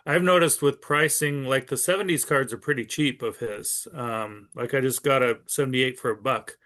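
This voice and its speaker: A man's voice: mid-range voice, steady tone, normal speed, fairly bright tone. A man in his fifties, a card-collector guest, chatting casually and trailing off with frequent ums. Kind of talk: casual podcast chat.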